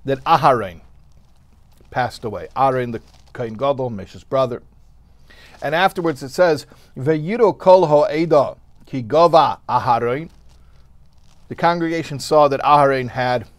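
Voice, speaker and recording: A man's voice: mid-range voice, fairly bright tone, no echo. A man giving a weekly Torah lesson who reads Hebrew verses and then translates them. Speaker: Torah teacher.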